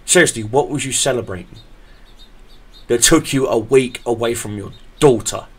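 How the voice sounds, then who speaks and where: A man hosting a podcast, telling a story in a profane, animated way. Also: medium pitch, normal speed, breathy edge. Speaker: podcast host. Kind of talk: casual podcast chat.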